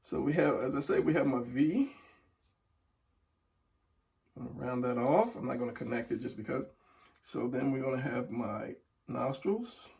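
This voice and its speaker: A man's voice: medium pitch, normal speed, vocal fry, long pauses, a little mellow, distant mic. A middle-aged man teaching a casual drawing tutorial, talking while he draws and trailing off into murmurs. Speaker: drawing instructor.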